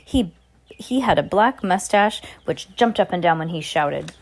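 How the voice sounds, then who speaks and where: A woman's voice: fairly low pitch, animated, measured pace. A woman reading a children's novel aloud in a casual way, stumbling and correcting herself now and then. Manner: casual, with slips and self-corrections. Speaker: reader.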